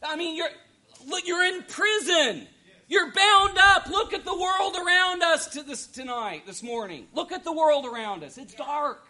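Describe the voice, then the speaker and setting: Very high, bright-voiced male preacher. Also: lively intonation, normal speed. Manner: swings from hushed asides to shouted exhortation; asks the congregation repeated rhetorical questions. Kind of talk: sermon.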